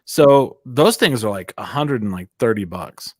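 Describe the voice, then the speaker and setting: Male podcast host, mid-pitched, chatty rambling storyteller, dry close sound. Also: lively intonation, unhurried, darkish tone, no room sound. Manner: rambling storyteller, laughs often. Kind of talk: casual chat.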